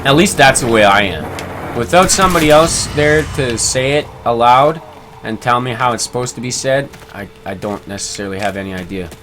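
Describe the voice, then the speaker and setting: A man's voice: medium pitch, lively intonation, normal speed, over music. A man streaming a game live, chatting casually, reading viewer comments aloud and laughing easily. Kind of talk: casual live-stream chat while gaming.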